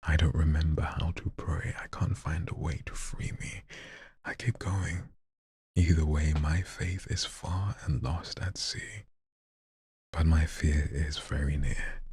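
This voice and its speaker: A man hosting a live show, reading submitted poems in a soft near-whisper and chatting loosely between them. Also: extremely low pitch, steady tone, slow, no echo. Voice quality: husky, breathy. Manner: reads softly in a near-whisper, then chats loosely with slang. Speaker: host reading listener submissions. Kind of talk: live poetry reading with casual commentary.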